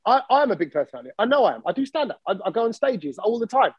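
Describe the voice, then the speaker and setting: Animated man hosting a podcast. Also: sits high, very fast, slightly rough, no room sound, lo-fi sound. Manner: animated, acts out quoted voices. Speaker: podcast host. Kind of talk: casual chat.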